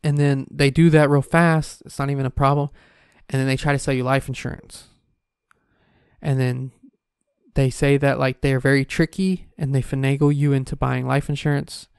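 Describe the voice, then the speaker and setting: A man in his twenties telling a story in a casual, profane, animated rant. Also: medium pitch, moderate pace, creaky, clear, resonant tone, no echo, studio quality. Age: 20s.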